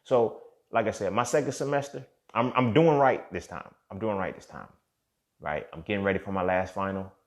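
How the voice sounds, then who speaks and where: A man's voice: fairly low pitch, moderate pace. A man hosting a show and telling a personal story in a casual, profane way, often speaking straight to the listener. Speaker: host.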